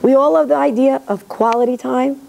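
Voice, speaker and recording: A middle-aged woman lecturing in a synagogue, talking directly and lively and acting out parents' voices. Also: sits high, normal speed, vocal fry, slight background noise, poor audio.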